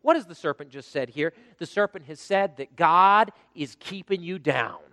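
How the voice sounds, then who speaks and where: A man's voice: fairly high pitch, moderate pace, bright, forceful tone, big-room sound. A pastor preaching a sermon to his congregation with dynamic delivery, asking them rhetorical questions.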